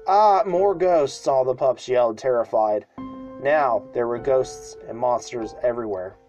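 A man's voice: mid-range voice, fairly even intonation, moderate pace, faint music behind, rough recording. A man reading a children's story aloud for a podcast, in an unpolished home style with small restarts. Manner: unpolished home reading with restarts and loud shouted cries for characters.

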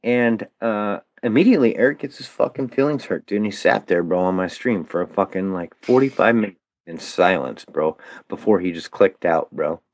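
A man's voice: low-pitched, moderate pace, dry recording. A man telling a long story as a podcast guest, swearing constantly and tossing in "dude" and "bro". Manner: profane, animated, peppers speech with "dude" and "bro". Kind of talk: casual storytelling.

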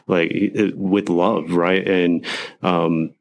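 A man's voice: sits low, extremely slow, creaky, dull audio. A man co-hosting a casual faith podcast, telling stories animatedly and acting out what others said. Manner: animated storytelling, acts out quotes.

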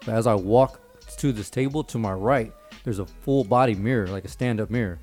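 A man with a lower voice tells a story in a loose, joking way, swearing freely and teasing his friends as he goes. Faint music sits behind him. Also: fairly quick, darkish tone. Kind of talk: casual storytelling chat.

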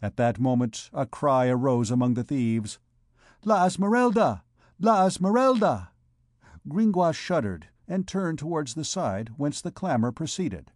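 A man narrating a classic novel as an audiobook reader, in a measured, formal storytelling manner. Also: mid-range voice, lively intonation, a little mellow, no room sound, clean studio sound.

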